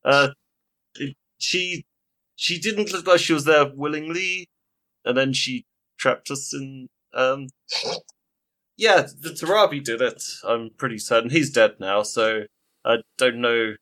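A man's voice: mid-range voice, unhurried, bright, forceful tone. A man playing a tabletop game, talking in and out of character in a stammering, giggly way. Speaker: player. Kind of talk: tabletop role-play, in and out of character.

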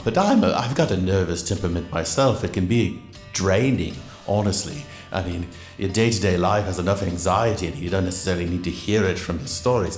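A man with a very low voice narrates in a wry, teasing way. His voice sounds roomy, with soft music underneath. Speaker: show narrator. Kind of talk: scripted narration. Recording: echoey with background music.

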